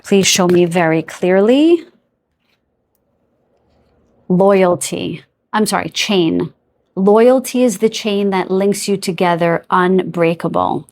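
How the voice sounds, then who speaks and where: A woman's voice: lowish voice, slow pace, long pauses, darkish tone. A woman giving an intuitive tarot reading to camera, chatty and searching for words aloud, stopping to ask her spirit guides for messages. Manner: talks to spirit guides between remarks. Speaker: tarot card reader.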